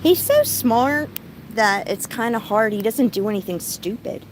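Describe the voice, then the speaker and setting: A woman's voice: fairly high pitch, expressive, measured pace, slight background noise, rough recording. A middle-aged woman telling stories in a casual vlog, chatty and breaking off to talk to her pet bird. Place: rural home, outdoors.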